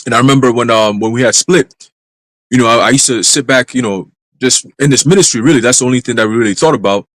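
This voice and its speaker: A man in a live church stream telling a dream as testimony, in brisk street slang with some cursing. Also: medium pitch, fairly bright tone, no room sound, low-quality recording. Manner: brisk storytelling full of street slang and profanity. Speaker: church minister.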